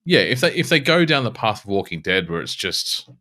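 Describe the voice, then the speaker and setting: Lively, bright-voiced Australian bloke. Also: male voice, on the low side, a little fast. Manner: swears freely, laughs often. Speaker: podcast co-host. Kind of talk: casual beer podcast banter.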